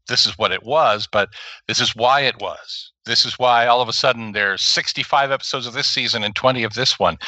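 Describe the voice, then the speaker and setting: Brief: eager male co-host, bright, tense tone, dry close sound. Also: medium pitch, dry recording, muffled recording. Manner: excitable, self-aware, animated storytelling. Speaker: podcast co-host. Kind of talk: enthusiastic casual chat.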